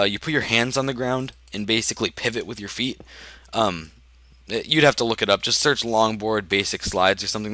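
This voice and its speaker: A teenage boy tells stories while he plays a game, filling his talk with ums, restarts and laughter. His voice sits fairly low but sounds bright and forceful, with an easy, rambling flow. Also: dry recording. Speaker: gaming video host. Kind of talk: casual storytelling while playing.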